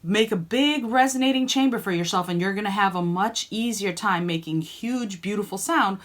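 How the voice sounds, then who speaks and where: A woman's voice: medium pitch, moderate pace. Woman singing teacher coaching students. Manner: encouraging, coaching students by name and demonstrating sung vowels. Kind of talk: online group singing lesson.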